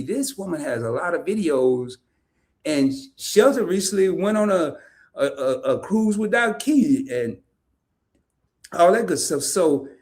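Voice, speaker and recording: A man hosting a casual livestream interview, chatty and animated, laughing often as he reads comments. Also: fairly high pitch. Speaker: podcast host. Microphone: streaming setup, remote call.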